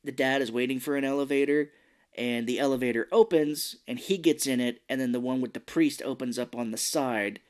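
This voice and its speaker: A man's voice: mid-range voice, brisk, darkish tone, clear, resonant tone. A man co-hosting a podcast, casually recapping a movie scene by scene and acting out the characters' lines with plenty of swearing. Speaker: podcast co-host.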